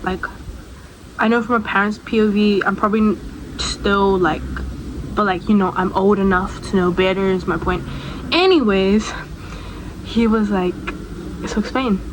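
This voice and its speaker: A woman's voice: mid-range voice, steady tone, normal speed, pauses often, background noise. A young adult woman chatting casually to the camera, telling a personal story in a rambling way, with asides to the viewer. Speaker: storytime vlogger.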